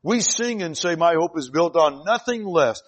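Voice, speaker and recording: A man preaching a sermon, reading scripture aloud and swinging between loud, emphatic declarations and quiet, slowed passages. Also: on the high side, animated.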